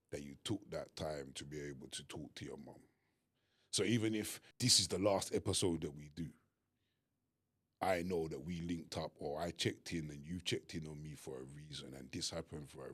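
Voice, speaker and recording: A man co-hosting a podcast, talking earnestly and emphatically with halting restarts. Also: rumbling low, fairly bright tone, breathy edge. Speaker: podcast co-host. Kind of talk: candid conversation.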